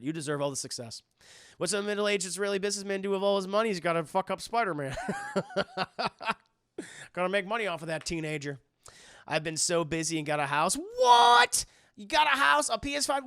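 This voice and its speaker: A man's voice: high voice, gravelly, dry recording, clean studio sound. A man hosting a livestream, chatting casually with his viewers and swearing freely as he goes. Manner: animated, swears freely, quick asides to chat. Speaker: livestream host.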